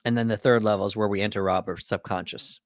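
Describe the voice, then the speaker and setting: Speaking fast in a lowish, steady voice, a podcast co-host casually recaps a film's plot from his notes, heavy on fillers. The recording is dry and studio quality, and the talk is a casual film breakdown chat.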